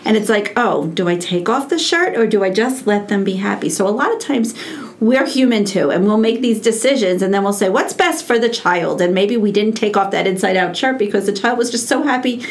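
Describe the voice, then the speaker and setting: A woman's voice: medium pitch, brisk, few pauses. Middle-aged woman, early childhood educator, chatty storyteller, acts out voices in quotes. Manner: acts out quoted dialogue with lively repetition. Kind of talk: animated conversational storytelling.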